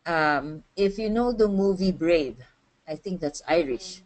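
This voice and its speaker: A woman's voice: on the low side, animated, unhurried, darkish tone, poor audio. A young Filipino woman with a Filipino accent, giving a casual webinar talk as a freelance transcriber, chatty and full of fillers. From Philippines. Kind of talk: casual talk mixing Tagalog and English.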